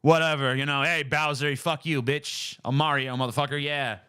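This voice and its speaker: A man doing a mocking impression of a bored adult man who talks in a flat, careless mumble. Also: fairly high pitch, moderate pace, smooth. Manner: flat, mumbling, couldn't-care-less delivery.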